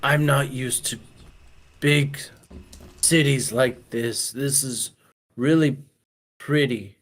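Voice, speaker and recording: A man's voice: mid-range voice, steady tone, takes it slowly, fairly bright tone. A man playing a naive country adventurer awed by a big city, in a tabletop game. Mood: wide-eyed. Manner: naive, earnest. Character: naive, wide-eyed country adventurer Mason.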